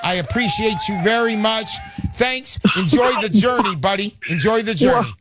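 A man's voice: high-pitched, moderate pace, crowd noise. A man hosting a call-in radio show, brash and salesy, often repeating his phrases.

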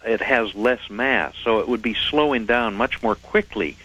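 A man appearing as a guest on a radio show, explaining things in a measured, articulate and precise way. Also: medium pitch, sharp tone, slightly rough, muffled recording. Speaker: radio guest, head of a UFO reporting center. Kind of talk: phone-in radio interview.

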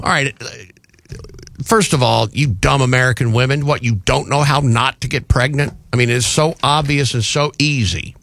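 A man's voice: fairly high pitch, a bit bright, dry recording. A man hosting a talk radio show, delivering mocking, sarcastic commentary on a studio microphone.

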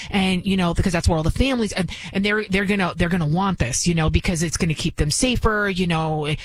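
A woman's voice: fairly low pitch, fast talker, few pauses, low-quality recording. A woman hosting political opinion commentary, indignant and firing off rhetorical questions with many restarts. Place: New York City.

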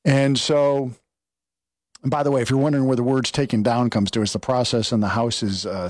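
A man's voice: mid-range voice, darkish tone, no echo. Indignant male political commentator, dry sound. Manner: indignant, sarcastic, retells events with quotes. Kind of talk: opinionated monologue.

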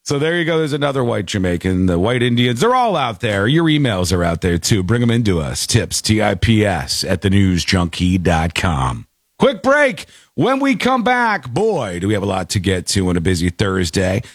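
A male talk radio host with a very lively, swinging voice, reading listener emails and riffing on them. The sound is dry and close on a studio mic. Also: sits low, normal speed, hardly any pauses, no room sound. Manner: lively, animated delivery with jokey asides.

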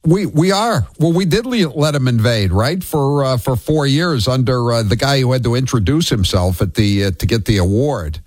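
A male talk radio host with a lively, swooping delivery, blunt and scornful, often restarting his sentences. His voice sounds close and dry, with no room around it. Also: mid-range voice, moderate pace, few pauses, dry recording. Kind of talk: opinionated talk radio chat.

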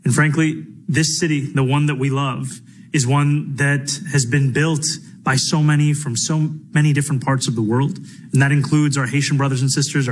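A man, a politician, giving an earnest, measured prepared statement at a press event. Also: mid-range voice, slightly rough, rough recording.

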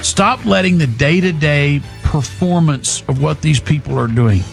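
A man's voice: on the high side, unhurried, creaky, faint music behind. A male talk show host giving opinionated, rambling commentary on sports and politics, emphatic, with frequent restarts.

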